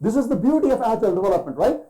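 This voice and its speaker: A man's voice: sits high, sing-song, racing, warm tone, rough recording. A man giving a conference keynote, firing rhetorical questions at the audience and acting out quoted voices. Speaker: keynote speaker.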